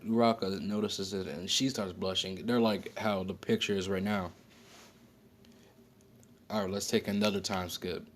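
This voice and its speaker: Deep-voiced man rambling through a story. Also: steady tone, normal speed, long pauses, a little hiss or hum. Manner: rambling, slangy, frequent self-corrections and fillers. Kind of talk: casual improvised storytelling.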